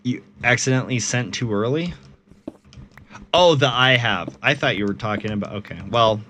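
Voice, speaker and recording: A man's voice: mid-range voice, normal speed, bright, forceful tone, slight background noise. A man streaming a game and chatting casually with viewers, laid-back, swearing freely and often laughing.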